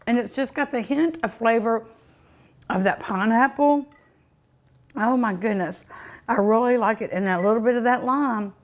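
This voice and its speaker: A woman's voice: on the high side, normal speed, pauses often. A woman hosting a cooking show, tasting her food with many delighted mmms and chatting to her dog and her viewers. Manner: sometimes talks with mouth full. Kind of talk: casual food tasting vlog.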